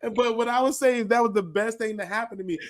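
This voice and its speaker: A man co-hosting a podcast, telling a story in a lively, animated way, full of laughter, slang and swearing. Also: extremely high pitch, fast talker, a little hiss or hum. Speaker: podcast co-host. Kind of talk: casual storytelling chat.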